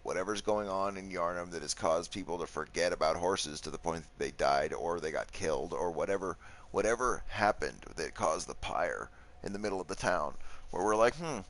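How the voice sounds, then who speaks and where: A man giving relaxed, casual commentary on a video game, thinking aloud and swearing now and then at enemies. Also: low voice, a little fast. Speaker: gameplay commentator. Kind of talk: casual let's play commentary.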